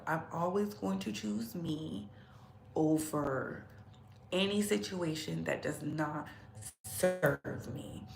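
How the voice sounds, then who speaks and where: A woman hosts a relaxed livestream, talking slowly in a low, gravelly voice. She chats straight to her viewers and laughs often. The room is echoey, with a faint hum behind her. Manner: chatty, laughs often, talks straight to the chat. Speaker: livestream host. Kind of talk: casual livestream chat.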